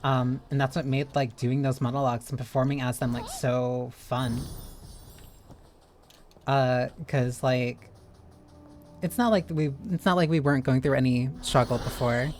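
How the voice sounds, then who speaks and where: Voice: medium pitch, steady tone, measured pace, a little hiss or hum. A streamer chatting casually while playing a game, rambling loosely from one thought to the next.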